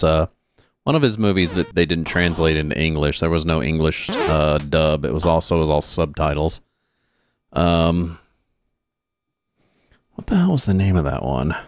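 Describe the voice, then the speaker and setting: A low-voiced man streaming a retro game, talking casually and wandering off into side chatter with plenty of ums and uhs. His nose sounds a little stuffed up from allergies, and his close mic sounds dry with no room around it. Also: normal speed, no room sound. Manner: rambling, chatty, many fillers and asides. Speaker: streamer and host. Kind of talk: casual let's-play commentary.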